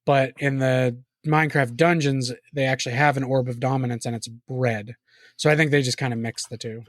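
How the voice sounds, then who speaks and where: A man's voice: mid-range voice, fairly even intonation, a little fast, dry recording, clean studio sound. A man co-hosting a podcast in casual chat, talking in a loose, rambling way and laughing often. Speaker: podcast co-host.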